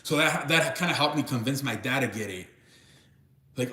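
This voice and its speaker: A man's voice: medium pitch, a little fast, pushed and bright, a little hiss or hum. A young man hosting a casual live stream, rambling and restarting his sentences as he reacts to chat. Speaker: live show host. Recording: echoey room.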